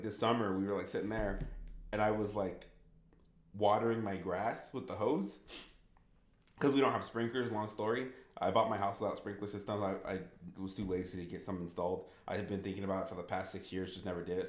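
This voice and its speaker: Rambling low-voiced male streamer. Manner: rambling, full of "like" and restarts. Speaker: gaming streamer. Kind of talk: casual livestream chat. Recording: echoey room.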